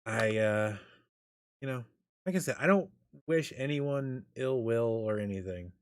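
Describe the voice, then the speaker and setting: A man's voice: mid-range voice, expressive, unhurried, no room sound, studio quality. A man co-hosting a casual live chat stream, speaking earnestly and from the heart.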